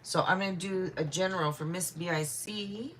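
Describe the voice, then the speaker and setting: A woman's voice: lowish voice, normal speed, a bit bright, slight background noise. A woman hosting a tarot livestream, chatting casually, greeting viewers by name and apologizing often. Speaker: tarot reader and livestream host. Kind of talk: casual livestream chat reading viewer questions.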